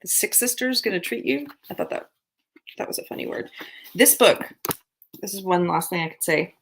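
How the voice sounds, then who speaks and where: A woman's voice: mid-range voice, expressive, moderate pace, a little hiss or hum. A woman hosting a casual livestream, chatting and reading viewer comments aloud with frequent laughter. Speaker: livestream host. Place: abroad on a trip.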